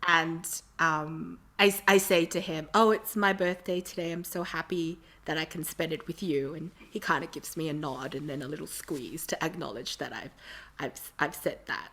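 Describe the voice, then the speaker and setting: A woman's voice: deep voice, normal speed, a bit bright. A woman from Sydney, a podcast guest telling stories animatedly and often laughing. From Australia. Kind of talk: casual storytelling interview.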